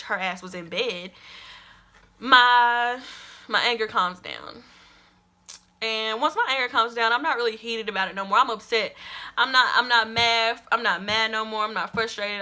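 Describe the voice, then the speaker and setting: This vlogger, a young woman with a slightly high voice, speaks at a moderate pace as she tells a personal story. She's animated and emphatic, says lines twice for effect, and swears casually.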